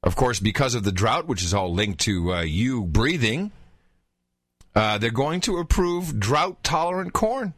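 A man hosts a casual talk show and reacts to the news with animated disbelief. His pitch swings widely. The recording is close and dry. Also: a little slow, slightly rough, no echo. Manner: incredulous, animated, fond of the word "wow". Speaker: podcast host.

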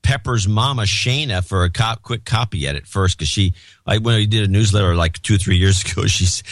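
A man's voice: lowish voice, brisk, no room sound. A man co-hosting a podcast in casual chat, rambling and cutting himself off as he reads out listener notes. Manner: rambling, self-interrupting. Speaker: podcast co-host.

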